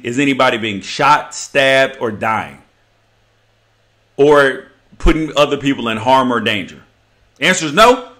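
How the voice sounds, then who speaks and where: A man hosting a podcast, talking in a casual, animated and exasperated way, sometimes mocking others in put-on voices. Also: medium pitch. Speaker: podcast host. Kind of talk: casual opinion monologue.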